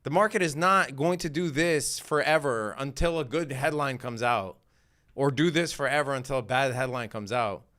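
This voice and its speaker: A man's voice: medium pitch, normal speed, fairly bright tone. A man hosting a live day trading stream, talking in a casual, slangy, laid-back way and laughing often. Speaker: day trading livestream host.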